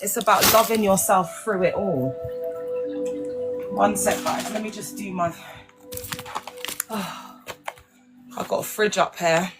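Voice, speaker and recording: A woman's voice: medium pitch, takes it slowly, pauses often, over music. Chatty woman on a live stream. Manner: chatty, frank, many tag questions and terms of endearment. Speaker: livestream host. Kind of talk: rambling live-stream chat. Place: at home.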